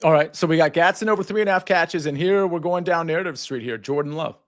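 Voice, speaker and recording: A man hosting a sports betting show, moving along with brisk segues and promo reads. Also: a little high. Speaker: host.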